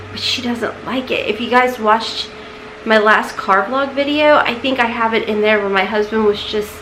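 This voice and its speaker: Distractible woman in her thirties, casual beauty-vlog chatter, a touch high-pitched. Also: a bit bright, slight background noise, poor audio. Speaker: beauty vlogger. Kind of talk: casual unboxing chat.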